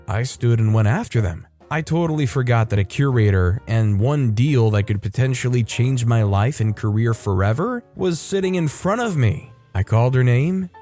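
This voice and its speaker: Mellow-voiced man reading a story. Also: mid-range voice. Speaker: narrator. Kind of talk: reading a first-person story.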